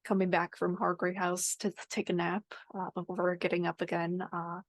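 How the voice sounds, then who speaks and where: A woman's voice: lowish voice, completely flat delivery, normal speed, no room sound. Rambling woman player, dry sound. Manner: rambling, lots of fillers and restarts. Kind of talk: tabletop game play.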